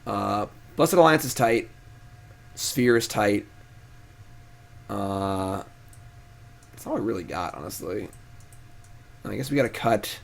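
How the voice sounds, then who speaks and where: A man streaming a card game, commenting casually and thinking out loud as he plays. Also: fairly low pitch, animated, slow, vocal fry, pauses often.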